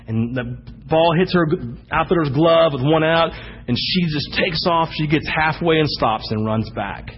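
A man preaching as the pastor, telling animated stories with sudden loud bursts. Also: a little high, moderate pace, muffled recording. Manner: animated storytelling, acting out anecdotes with sudden shouts. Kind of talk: sermon.

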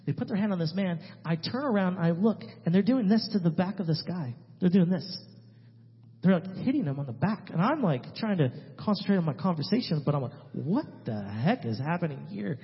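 A man, a missionary speaking to a church, telling a story in an emphatic way that swings between loud and hushed. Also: high voice, animated, brisk. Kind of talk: animated testimony storytelling. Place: church sanctuary. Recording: reverberant hall, dull lo-fi sound.

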